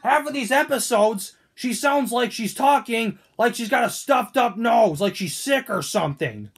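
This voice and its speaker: A man doing grumpy whiny Toad, very high voice, gravelly husky edge, lively ranting questions. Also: normal speed, full character voice. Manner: whiny, ranting, keeps asking indignant questions. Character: grumpy male Toad complaining on the couch. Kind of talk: fan-made cartoon voice acting.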